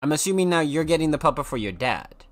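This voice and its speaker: A streamer chatting casually with viewers, gushing over pets with drawn-out exclamations and a cooing voice. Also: medium pitch, lively intonation.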